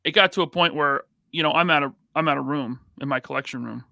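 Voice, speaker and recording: A fairly high-pitched, gravelly voice, bright and forceful, belongs to an American man hosting a live podcast. He reads out chat members' names and greets each quickly in a casual, upbeat manner, heard in echo-free studio quality.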